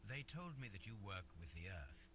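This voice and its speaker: A cool, sharp-minded detective in a video game, speaking in measured, precise deductions. His low voice rises and falls in a lively, expressive way. A steady noise sits behind him in the game audio. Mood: deducing. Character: Sherlock Holmes, sharp, cool Victorian male detective. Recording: game audio with a noisy background.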